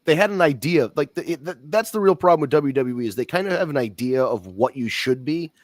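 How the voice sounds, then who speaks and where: A man's voice: fairly high pitch, lively intonation, brisk, dry recording, studio quality. A man hosting a wrestling podcast, giving blunt, rambling opinions in casual talk and swearing freely.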